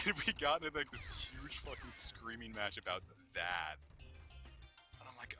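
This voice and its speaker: A man's voice: mid-range voice, animated, moderate pace, music in the background. A man casually commenting while streaming a game, candid and rambling, with lots of fillers and swearing. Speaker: let's play streamer.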